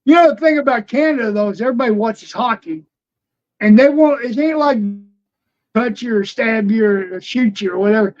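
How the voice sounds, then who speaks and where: A man's voice: extremely high pitch, fairly quick, muffled recording. An older man, a former wrestler telling road stories on a podcast, laughing often and acting out the people he quotes. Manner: laughing raconteur, acts out quotes. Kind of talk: casual storytelling.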